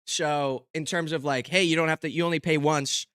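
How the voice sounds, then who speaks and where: A man's voice: a little high, steady tone, moderate pace, fairly bright tone, smooth, no room sound. Young male streamer, self-mocking rambler, close and dry sound. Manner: rambling, lots of fillers and restarts. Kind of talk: casual stream chat.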